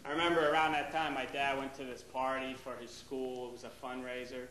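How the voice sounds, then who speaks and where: A man's voice: mid-range voice, little pitch movement, a little fast, very noisy. Stand-up man from Boston, big echoey room. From Boston area. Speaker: stand-up comedian. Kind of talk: stand-up storytelling. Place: comedy club. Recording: echoey room with loud crowd laughter.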